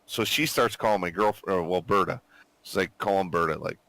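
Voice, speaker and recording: A man in his forties, still recovering from a nasty flu, tells a rambling story packed with swearing and acted-out quotes. His voice sits low, and the sound is dry and close with no room around it. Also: a little fast, a bit bright, no room sound. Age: 40s. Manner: swears constantly, laughs, acts out quotes. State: recovering from illness, coughing. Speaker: gamer chatting with squadmates. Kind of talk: casual profane storytelling.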